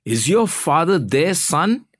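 A man's voice: a little high, big pitch swings, slow pace, no room sound, studio quality, pitched above the performer's own voice, exaggerated voice. A man voicing an impatient, worried boss who keeps asking urgent questions on the phone, in a story during a sermon. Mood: demanding. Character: impatient, anxious adult male boss.

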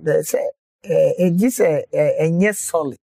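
A man explains health matters in an easy, chatty way, stopping and restarting his sentences as he goes. His voice sits a bit high but sounds mellow and dark. The recording is close and dry. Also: unhurried, gravelly, dry recording. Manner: explains at length, with many hesitant restarts. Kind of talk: casual health chat.

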